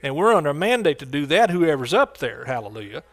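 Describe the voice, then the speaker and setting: Emphatic male preacher from the US, slightly high voice, repeats lines, calls to the crowd. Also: sing-song, fast talker. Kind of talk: sermon.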